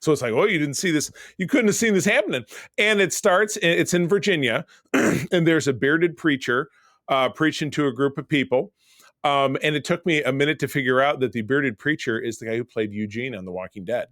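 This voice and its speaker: Podcast host guy, mid pitch, rambly chatty recaps, dry close mic. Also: normal speed, fairly bright tone, no room sound. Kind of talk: casual chat.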